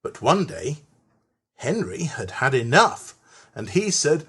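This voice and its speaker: A narrator reading a children's train story aloud in an expressive storytelling manner. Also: mid-range voice, husky. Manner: slow, lively storytelling.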